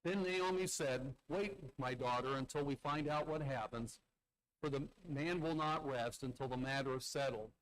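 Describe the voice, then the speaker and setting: In a rough recording, a church elder with a medium-pitched voice preaches at normal speed in a conversational way. He tosses rhetorical tag questions to the congregation and performs the characters' quoted lines from the Bible story he's retelling.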